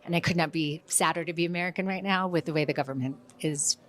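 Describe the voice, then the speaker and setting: A woman's voice: sits low, quick pace, noisy background. A woman giving an interview as an actress, speaking in an earnest, emotional way. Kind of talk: interview statement.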